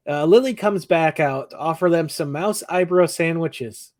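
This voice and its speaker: Man, podcast co-host, casual episode recap, animated, laughs a lot, higher voice. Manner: animated, laughs often, acts out lines.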